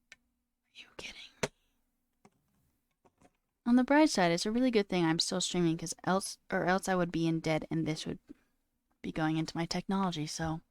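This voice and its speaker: A woman streamer ranting in a casual, animated way, swearing and mocking voices in quotes. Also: lowish voice, no echo. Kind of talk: casual live-stream rant. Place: home room.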